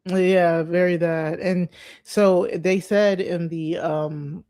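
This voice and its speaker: Animated woman, casual podcast chat. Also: fairly low pitch, slow, dry recording, clean studio sound. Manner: animated, laughing easily, acts out reactions. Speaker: podcast co-host.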